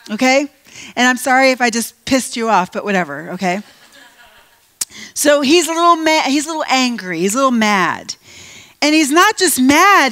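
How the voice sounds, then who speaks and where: A woman giving a conversational Bible teaching at a live event, emphatic and animated, slowing down to stress her points. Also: high-pitched. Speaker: guest speaker at a faith event. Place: live event venue before an audience.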